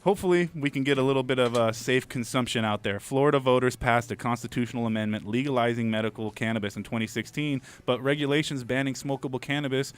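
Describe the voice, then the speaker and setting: A man's voice: medium pitch, fast talker, hardly any pauses, smooth. A man hosting a studio radio show, reading cannabis news in a loose, joking way with frequent swearing. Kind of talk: casual radio news banter.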